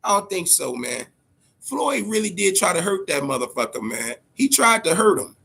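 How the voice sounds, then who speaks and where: A man hosting a boxing talk show, giving casual, profane commentary in an animated way, often repeating words and tagging on "man" and "all right?". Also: high-pitched, normal speed, vocal fry, breathy edge. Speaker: boxing podcast host.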